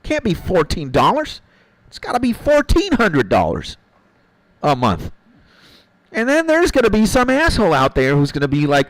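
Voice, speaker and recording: Dude on stream just rambling to chat, says bro a lot, voice jumps all over, real dry close sound. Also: male voice, high-pitched, huge pitch swings, moderate pace, no echo, poor audio. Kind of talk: casual chat with viewers while gaming.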